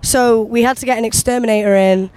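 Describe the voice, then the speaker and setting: A woman's voice: fairly high pitch, steady tone, quick pace, a little mellow, clear, resonant tone. A woman with an English accent, candidly complaining in a casual street interview outdoors.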